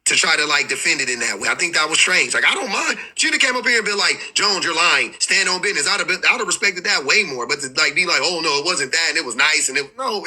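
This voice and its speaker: A man talks loosely and with exasperation on his own livestream, and his sentences keep stalling and starting over. His voice sits high with a sharp brightness and a husky edge. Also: low-quality recording. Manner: rambling, profane, exasperated, many restarts. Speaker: livestream host. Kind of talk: casual livestream commentary.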